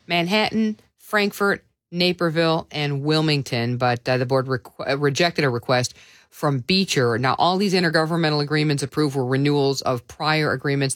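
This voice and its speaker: A woman's voice: sits low, no echo. A woman with a Chicago accent hosting a radio show, chatting casually and reading out listener texts in a studio. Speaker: radio host. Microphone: studio mic.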